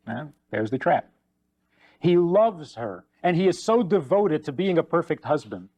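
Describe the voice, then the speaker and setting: A man giving a rabbi's lecture on faith, animated and emphatic, repeating key points. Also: high-pitched, normal speed. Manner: animated, acts out anecdotes with shifting voices; emphatic repetition.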